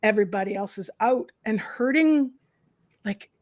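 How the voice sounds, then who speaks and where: A woman host chatting casually on a livestream, animated and opinionated, tossing in "like" and "right?" often. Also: mid-range voice, moderate pace. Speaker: host, professor and counsellor.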